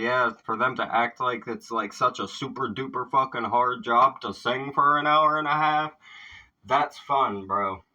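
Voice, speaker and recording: A man hosting a casual reaction video, agreeing loudly and swearing often. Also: mid-range voice, recorded from a distance, muffled recording. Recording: voice a bit off the mic.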